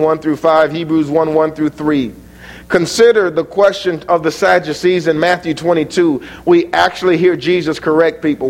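A man preaching a sermon, citing scripture chapter and verse, dropping to low asides and rising to near-shouted peaks.

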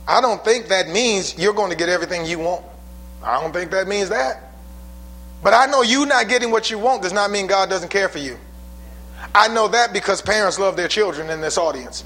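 A male pastor preaching a sermon, building from calm talk to shouted intensity. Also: sits high. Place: church sanctuary.

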